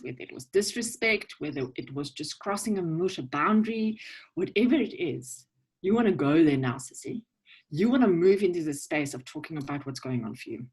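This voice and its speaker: Husky South African woman coaching. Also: mid-range voice, low-quality recording. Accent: South African English. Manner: lively, joking, direct with frequent "okay?" and "right?". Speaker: guest speaker at a networking event. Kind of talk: casual coaching talk. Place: virtual event, video call. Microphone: video call.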